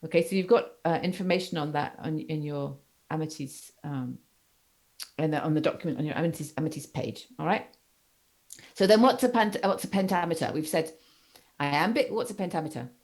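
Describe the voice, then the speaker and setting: Low-voiced woman teaching a seminar. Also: a little mellow. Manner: halting, many fillers, checks understanding. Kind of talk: university seminar lecture.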